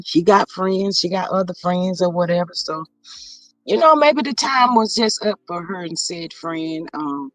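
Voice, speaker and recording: On a dry recording, a man with a slightly high voice runs a laid-back gossip livestream. He's chatty, reads out what viewers write, and drawls little asides to the chat.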